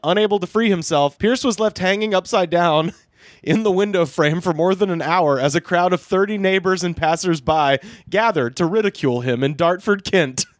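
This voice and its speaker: A man hosting a comedy podcast. He reads a news story aloud in a halting way, with many fillers. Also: high-pitched, no echo, clean studio sound. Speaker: podcast host.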